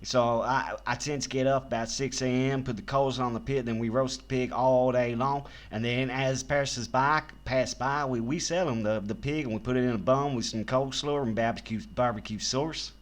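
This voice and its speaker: A man's voice: medium pitch, fairly even intonation, moderate pace, hardly any pauses. A man baiting a scammer on a prank phone call, teasing him with crude innuendo and often stammering as he talks. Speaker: scam baiter.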